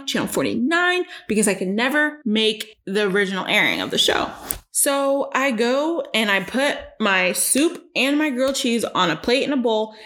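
Profane, animated young woman podcaster. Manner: animated, jumps into high-pitched voices when acting out scenes; profane, self-mocking. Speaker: podcast host. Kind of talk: casual solo podcast storytelling.

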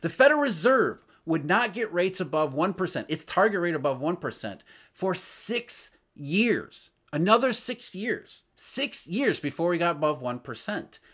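A man giving solo market commentary, emphatic, asking rhetorical questions as he explains. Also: unhurried. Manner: emphatic, rhetorical questions, lively swings in pitch and loudness. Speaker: financial commentator.

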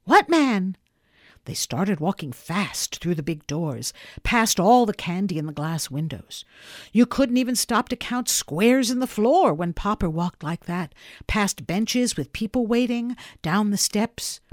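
A woman reads a story aloud in a gentle, expressive way. She takes her time, letting her pitch rise and fall a great deal. The recording is dry and close, with no room sound. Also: unhurried, dry recording. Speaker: reader. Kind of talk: storybook narration.

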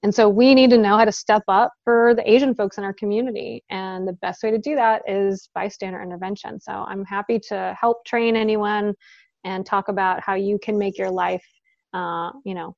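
A woman's voice: medium pitch, fairly even intonation, a little fast, creaky, darkish tone, no echo, dull audio. A woman guest talking casually in an interview, chatty, with frequent laughs and fillers, over a video call.

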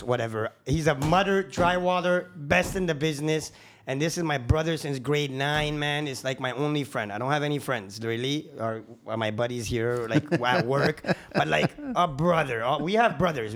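Man, fairly high voice, animated, slangy, swears a lot, run-on storytelling, podcast guest. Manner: animated, slangy and profane, quick run-on sentences. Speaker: podcast guest, construction crew founder. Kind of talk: casual storytelling.

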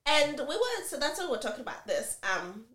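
A woman co-hosts a podcast, chatting casually and telling animated, expressive stories full of asides. Her high-pitched voice moves fairly quickly, and the recording, made in an echoey room, is very noisy.

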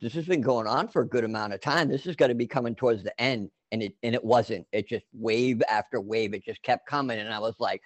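A man's voice: medium pitch, fairly quick, hardly any pauses, dry recording. A man telling a long personal story in casual chat, rambling with many fillers and restarts.

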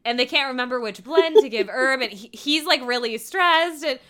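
Woman, podcast co-host, casual chat, bright tone, animated retelling, quotes characters. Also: sits high. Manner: animated retelling, quoting characters in quick voices, laughing often. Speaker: podcast co-host recapping a TV episode.

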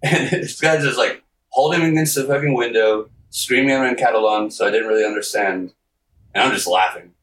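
A man's voice: mid-range voice, brisk, a bit bright, echoey room, far from the mic, slight background noise, low-quality recording. A man on a podcast telling a rambling, profane story, laughing often and acting out the quotes. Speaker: podcast guest. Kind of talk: casual storytelling.

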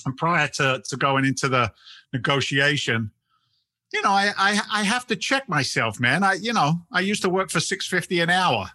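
Guesting on a casual interview, this real estate investment CEO, a middle-aged man from England, mixes a London accent with American tones. His slightly high voice has a sing-song, sharp quality at normal speed, echo-free, and he animatedly restarts sentences, repeating words.

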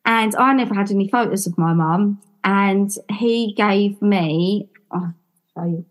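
A woman's voice: mid-range voice, measured pace. A woman from London, a podcast guest, telling her story casually and acting out the dialogue. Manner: animated, acts out quoted dialogue.

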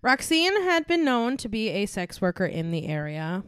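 A young woman's clean mid-range voice swings widely in pitch at a moderate pace, recorded dry in clean studio sound. She co-hosts a true crime podcast, chatting and laughing often with her friend before reading through a murder case from her notes.

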